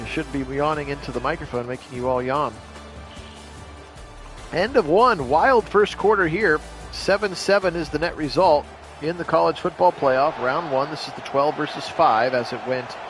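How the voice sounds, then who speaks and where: A man calling a simulated football game on his own, jumping up loud on big plays and chatting with viewers in between. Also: medium pitch. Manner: rises sharply and loud for big plays, chatty asides to live chat. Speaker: play-by-play host of video game sims. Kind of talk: solo play-by-play commentary on a simulated game.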